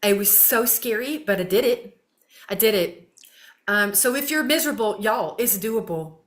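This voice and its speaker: A woman, a talk show guest chatting casually, animated and swearing freely. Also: mid-range voice, moderate pace. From Mississippi, US. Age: 50s. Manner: animated, swears freely, addresses listeners as y'all.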